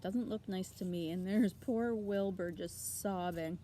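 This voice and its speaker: A woman's voice: medium pitch, a little slow, mellow, slight background noise. A woman teacher reading a children's novel aloud expressively, with asides to her listeners.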